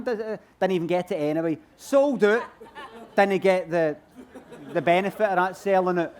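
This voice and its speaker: A man's voice: high-pitched, brisk, darkish tone. A Glaswegian man answering audience questions on stage in a rambling, self-mocking way. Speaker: comedian guest at book festival. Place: stage at a book festival.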